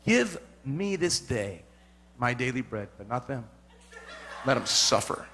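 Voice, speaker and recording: A man putting on a deep, grudging, vengeful pray-er. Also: animated, measured pace, creaky, fairly bright tone, husky, exaggerated voice. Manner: mock-pious, sarcastic muttering. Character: resentful churchgoer grudgingly praying, vengeful.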